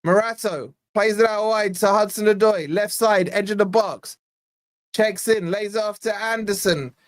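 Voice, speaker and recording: Exasperated young fan commentating live. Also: male voice, high voice, steady tone, moderate pace. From Scotland. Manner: exasperated, chatty play-by-play with fan shout-outs. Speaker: fan channel host. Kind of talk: live watch-along match commentary.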